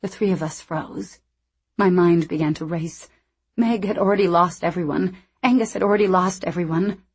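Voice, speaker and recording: A woman narrating a novel in the first person in a measured, reflective way. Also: on the low side, a little mellow, slightly rough. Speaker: audiobook narrator.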